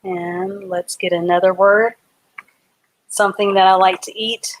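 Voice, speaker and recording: A woman's voice: mid-range voice, steady tone, unhurried. A woman teaching a live online reading class, patiently sounding out words letter by letter and syllable by syllable.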